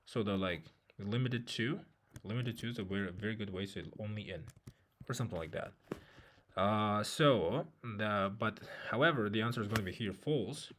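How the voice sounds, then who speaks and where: A man's voice: lowish voice, moderate pace, very noisy. A man working through an exam reading passage, thinking aloud with many fillers and restarts. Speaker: IELTS tutor. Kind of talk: walkthrough of a reading test.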